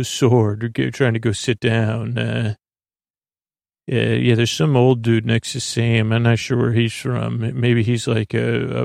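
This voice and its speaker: A man gives a halting, rambling recap in a gravelly, flat monotone. He fills his pauses with "uh" and loosely paraphrases what each character says, in the manner of a sleepy-time podcast host. The recording is dry and close. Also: mid-range voice, no echo.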